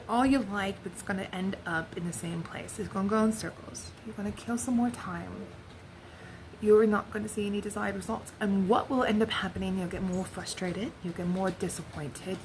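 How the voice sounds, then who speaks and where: Softly rambling woman, drifting to whispers. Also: mid-range voice, background noise. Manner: drifts into soft whispers, meandering and reflective. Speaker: vlogger sharing spiritual channeling. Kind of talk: rambling spiritual monologue.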